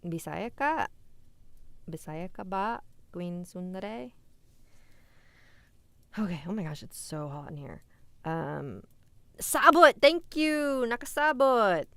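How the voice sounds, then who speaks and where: Speaking slowly and pausing often, a young woman with a lowish, gravelly voice sounds animated as she reads scary stories on her indoor live stream. Afterward she chats casually with viewers, answering chat and laughing easily. There's no echo.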